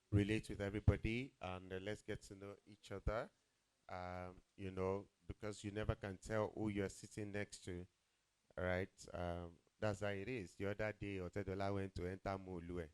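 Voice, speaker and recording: Nigerian male emcee, Yoruba accent, a bit low-pitched, jokey and teasing with the room. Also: darkish tone, clean tone. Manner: playful, teasing, switches into Yoruba asides. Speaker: master of ceremonies. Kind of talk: joking event hosting.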